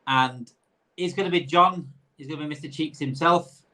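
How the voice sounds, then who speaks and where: Bright-voiced podcast host. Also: male voice, a little high, normal speed. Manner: laughing, hesitant, repeats words. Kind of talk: casual podcast chat.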